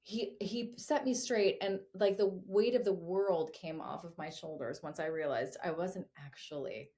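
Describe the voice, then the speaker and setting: A middle-aged woman as a podcast guest, chatting casually in an animated way, with lots of fillers and some swearing. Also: on the low side, moderate pace. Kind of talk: casual interview chat.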